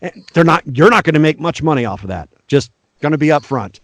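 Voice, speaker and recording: A man's voice: fairly high pitch, animated, quick pace, no echo. A middle-aged male voice actor, a guest in an interview, giving earnest, frank and encouraging career advice.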